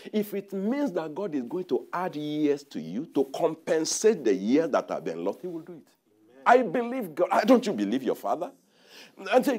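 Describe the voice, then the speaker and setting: A man preaching a sermon in a church, animated, laughing often and acting out the voices of the people he quotes. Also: a little high.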